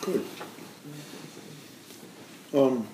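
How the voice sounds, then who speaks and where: A man leading an informal meditation talk, speaking in a relaxed, hesitant way with frequent pauses. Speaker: meditation teacher. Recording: echoey room with faint noise.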